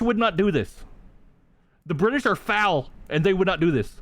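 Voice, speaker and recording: Animated young man streamer, dry sound. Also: sits high, normal speed, no echo. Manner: animated, profane ranting to chat. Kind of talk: casual livestream chat.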